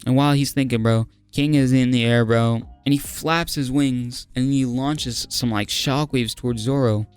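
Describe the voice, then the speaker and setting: A man's voice: mid-range voice, fairly even intonation, normal speed, darkish tone, smooth, soft background music. A young man recapping a manga chapter in casual, slang-heavy talk, hyped and laughing often, saying "bro" constantly. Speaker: manga review host.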